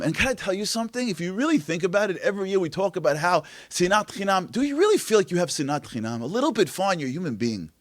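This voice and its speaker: A man delivers an impassioned inspirational talk, his voice pitched very high and leaping around with lively energy. He fires off rhetorical questions and drops from loud bursts to near hushes. The sound is close and dry, with little room around it. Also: no room sound. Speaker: speaker at a Tisha B'Av event. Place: event venue.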